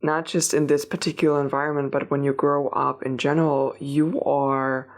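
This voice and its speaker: A woman giving a tarot reading, talking straight to the listener in a meandering way with restarts and gentle reassurance. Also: low-pitched, little pitch movement, normal speed. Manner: meandering, many restarts and fillers, addresses listener directly. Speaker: tarot reader. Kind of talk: unscripted spiritual reading to camera.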